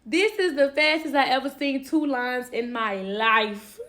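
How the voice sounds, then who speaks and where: Young woman spilling a story, kinda high voice, blunt and animated, cusses a lot. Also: a little slow. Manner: candid, animated, swears and laughs often. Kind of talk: casual storytelling.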